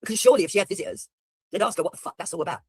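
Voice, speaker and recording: A man's voice: sits high, racing, darkish tone. A man giving blunt, mocking, profane commentary while reacting to a video.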